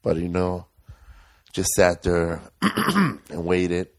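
A man's voice: low-pitched, wildly swooping pitch, extremely slow, vocal fry, dry recording, clean studio sound. A man talking in a rambling, emotional way in casual conversation, with joking asides. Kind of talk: casual chat.

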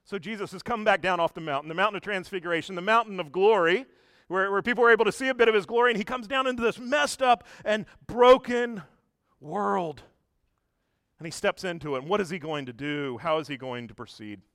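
High, bright-voiced pastor. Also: male voice, fairly quick, dry recording, clean studio sound. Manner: animated, chatty, addresses the congregation directly. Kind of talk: conversational sermon storytelling.

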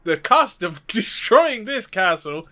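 A man joking through a comedy read-through with friends, laughing often and ranting excitedly. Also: high voice, takes it slowly.

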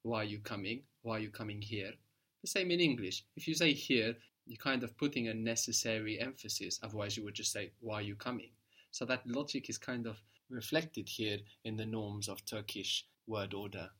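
A man's voice: fairly low pitch, normal speed, bright, forceful tone. A man teaching a language lesson, patiently prompting a learner and giving short praise.

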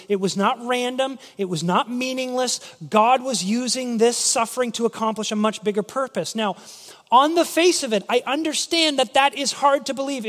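A man preaching a sermon, telling stories in an animated way and acting out the voices in quotes. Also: very high-pitched. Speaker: pastor. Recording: long hall reverb.

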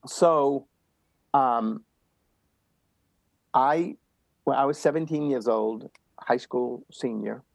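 Gravelly older man, emphatic storyteller. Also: medium pitch, slow pace, pauses often, dry recording. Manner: emphatic, repetitive motivational delivery. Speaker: guest runner. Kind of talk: storytelling interview.

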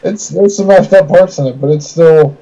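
A man's voice: on the high side, normal speed, mellow. A man on a casual podcast panel, talking bluntly and dismissively. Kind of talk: casual chat. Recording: dull lo-fi mic.

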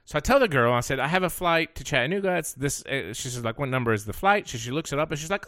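A middle-aged man hosting a podcast, telling a story casually, animated and profane, getting heated as he recounts a complaint. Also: fairly high pitch, fast talker, few pauses, no room sound, clean studio sound. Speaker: podcast host. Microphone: podcast mic.

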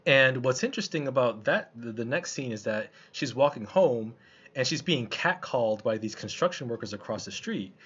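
A man's voice: mid-range voice, lively intonation, normal speed, a bit bright, breathy edge. A man chatting casually about a film he saw, loose and colloquial, with lots of restarts and fillers. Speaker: film reviewer. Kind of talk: casual film review chat. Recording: slightly muffled lo-fi recording.

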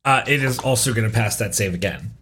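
A man's voice: on the low side, quick pace, over music. A man running a tabletop game as game master, giving rulings in a matter-of-fact way.

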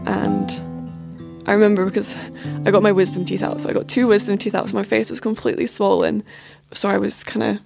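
A woman's voice: mid-range voice, level tone, brisk, gravelly, over music. A young woman telling a personal story on a podcast, candid and hesitant, with frequent fillers. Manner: candid, hesitant, lots of "like" and "you know". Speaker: podcast guest.

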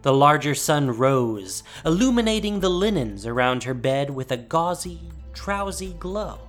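Woman storyteller, low voice, lively intonation, soft music underneath. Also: measured pace. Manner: expressive storytelling. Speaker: narrator. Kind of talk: audiobook narration. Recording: faint music behind.

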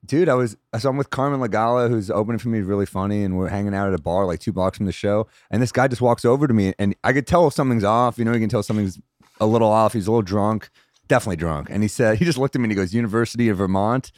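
A man, a comedian guest on a podcast, telling stories in a wry, deadpan way during casual chat. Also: fairly low pitch, no room sound, clean studio sound. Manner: quick, wry, deadpan storytelling.

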